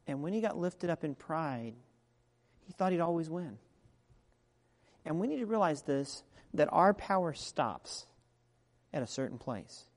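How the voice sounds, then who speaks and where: Conversational preacher in a reverberant hall. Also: male voice, on the high side, animated, measured pace, pauses often. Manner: conversational preaching, swings between soft asides and loud emphatic peaks. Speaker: pastor. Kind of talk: sermon. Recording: long reverb of a large hall.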